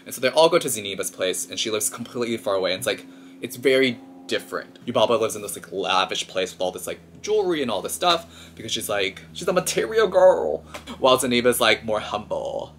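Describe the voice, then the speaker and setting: A man chatting casually as a vlogger, recapping a film in an animated, filler-heavy way. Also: fairly low pitch, fast talker, slight background noise.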